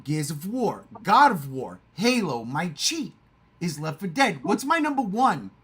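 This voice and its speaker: A man's voice: sits high, big pitch swings, a little slow, fairly bright tone, slightly rough. A man hosting a casual livestream chat, boastful, repeating himself and swearing freely. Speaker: livestream host.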